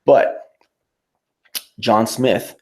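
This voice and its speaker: A man's voice: medium pitch, fairly even intonation, very slow. A man hosting his own livestream, ranting in a profane, mocking, rambling way. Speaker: YouTube livestreamer. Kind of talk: casual livestream rant.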